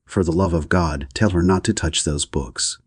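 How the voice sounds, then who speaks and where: A man's voice: low-pitched, normal speed, husky, no echo, clean studio sound. A man voicing a frightened, impatient young man who groans his words. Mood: fretful.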